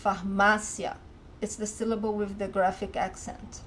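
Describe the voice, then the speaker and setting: A woman teaching a language lesson, explaining clearly and patiently, repeating words slowly for learners. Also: on the high side, a little mellow, slight background noise. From Brazil. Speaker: Portuguese teacher.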